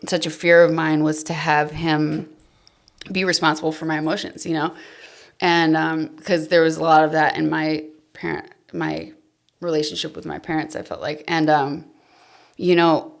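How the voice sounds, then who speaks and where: Candid female podcast guest, deep with fry, confessional storytelling. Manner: emotional, confessional, trails off softly.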